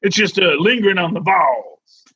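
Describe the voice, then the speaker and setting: A man co-hosting a podcast in casual chat, rambling and animated with many restarts. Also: high voice, normal speed, slightly rough, no echo, lo-fi sound. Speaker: podcast co-host.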